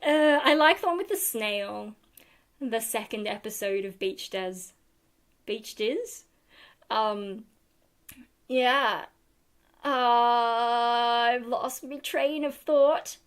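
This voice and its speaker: A woman's voice: a little high, extremely slow, long pauses, clear, resonant tone. Giggly Australian woman, rambling. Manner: rambling, giggly, lots of fillers. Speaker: livestream host. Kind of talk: casual live chat answering viewers. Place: home room.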